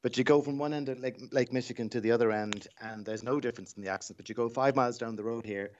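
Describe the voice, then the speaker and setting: A man working as a voice coach, explaining things in a measured way during a phone-in radio interview. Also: mid-range voice, steady tone. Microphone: phone line. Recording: dull phone-line sound.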